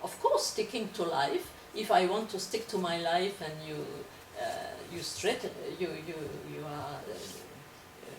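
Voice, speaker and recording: A woman lecturer answers questions from the floor, often pausing and repeating words as she works out her phrasing. Her voice sits low, and she is picked up from a distance. The hall echoes and carries a steady background hiss. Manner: hesitant, repeats words while searching for phrasing. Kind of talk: academic Q&A discussion. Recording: echoey room, distant mic, background noise.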